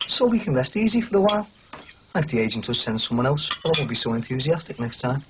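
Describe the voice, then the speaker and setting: A man's voice: medium pitch, sing-song, fast, natural voice. An actor playing a cheeky, eager young man. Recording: noisy TV audio.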